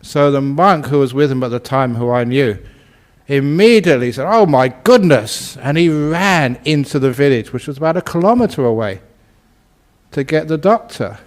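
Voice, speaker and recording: A man's voice: medium pitch, moderate pace. Give me a chuckling man telling a humorous story in a dharma talk. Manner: chuckles often at his own story; relaxed, conversational, frequent "you know". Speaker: Buddhist monk and teacher.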